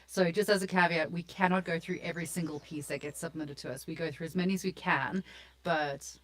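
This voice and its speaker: A woman's voice: lowish voice, steady tone, brisk. A woman with a South African accent, co-hosting a live stream in a casual, joking, self-mocking way. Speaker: co-host of a live portfolio review stream. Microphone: desk mic on a live stream.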